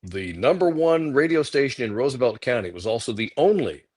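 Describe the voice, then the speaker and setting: A man's voice: mid-range voice, fairly quick. A middle-aged man, a guest comic artist, telling casual stories on a livecast and acting out quoted voices. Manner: animated anecdotes, acting out quotes.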